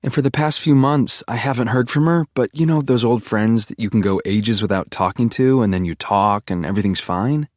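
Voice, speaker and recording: A man's voice: mid-range voice, a little fast, few pauses, no room sound, clean studio sound, pitched above the performer's own voice, natural voice. A man reading aloud, voicing a weary, exasperated young woman who talks through tears in an audiobook. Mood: rueful.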